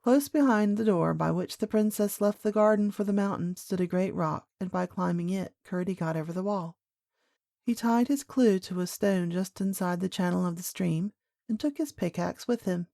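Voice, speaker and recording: A woman narrating a classic children's audiobook in a clear, measured storytelling voice. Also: mid-range voice, mellow, no echo, clean studio sound.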